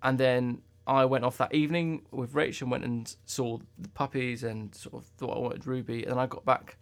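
A man's voice: mid-range voice, steady tone, normal speed, creaky. A man co-hosting a podcast, telling a long personal story in casual chat and swearing freely. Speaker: podcast co-host.

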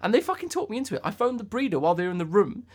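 A man's voice: high-pitched, big pitch swings, rapid-fire, slightly rough. A man co-hosting a podcast, telling a long personal story in casual chat and swearing freely. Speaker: podcast co-host.

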